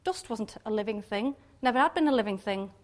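A woman giving an informal devotional talk on scripture, chatty and quick to laugh, often ending points with little questions. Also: on the high side, animated. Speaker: Bible teacher.

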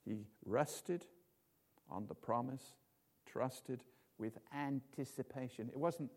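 A man's voice: mid-range voice, slow. A man preaching an informal sermon in a chatty, jokey way, full of tag questions.

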